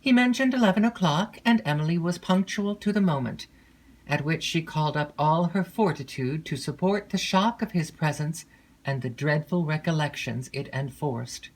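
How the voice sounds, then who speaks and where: Measured woman reading a gothic classic. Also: low voice, poor audio. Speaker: audiobook narrator. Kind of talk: scripted narration of a classic gothic novel.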